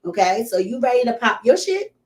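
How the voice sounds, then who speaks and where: Woman, Philadelphia accent, interview host, bubbly, teasing, highish voice, very lively pitch. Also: brisk. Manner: bubbly and teasing, lots of slang. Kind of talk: playful casual interview.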